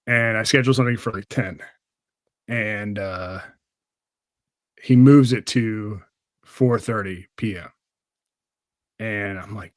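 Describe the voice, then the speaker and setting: A man's voice: fairly low pitch, slow, long pauses, no echo. A young man hosting a podcast, chatting casually, with a rambling, profane way of talking and lots of fillers. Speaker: podcast host. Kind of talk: casual chat.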